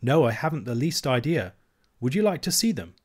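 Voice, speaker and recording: A man's voice: medium pitch, big pitch swings, brisk. A man reading aloud and voicing a practical young miner boy who answers politely and sounds doubtful. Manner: plain, doubting, polite replies.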